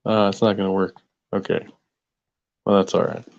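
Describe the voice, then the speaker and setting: A man's voice: low voice, level tone, normal speed, gravelly, lo-fi sound. A man hosting a casual livestream, greeting viewers and musing aloud in a rambling way full of fillers. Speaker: host.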